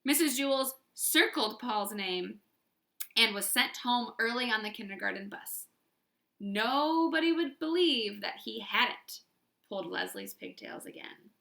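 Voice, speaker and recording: A woman reading a children's chapter book aloud with expression, pausing to ask listeners questions. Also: fairly high pitch, lively intonation, gravelly, sharp tone, roomy sound. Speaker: storyteller.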